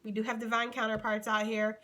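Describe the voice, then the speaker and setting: An American woman giving a casual tarot reading to her viewers, chatty and animated, calling listeners honey and sweetie. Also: a little high, fairly quick. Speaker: tarot reader.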